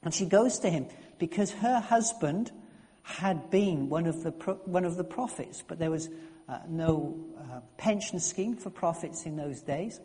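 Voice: mid-range voice, lively intonation, unhurried, mellow, long reverb tail. A preacher giving a conversational sermon, often restarting and repeating words.

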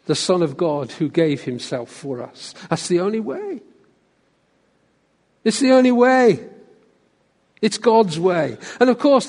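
A man preaching a sermon who asks the congregation questions and drops to a hush on key phrases. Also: fairly high pitch, long reverb tail.

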